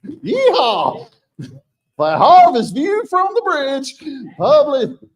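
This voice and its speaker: A man's voice: very high-pitched, wildly swooping pitch, takes it slowly, pitched above the performer's own voice, exaggerated voice. A man doing an exaggerated put-on Texan accent as a hammy, drawling awards announcer who whoops between names. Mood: hammy, whooping. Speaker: awards presenter.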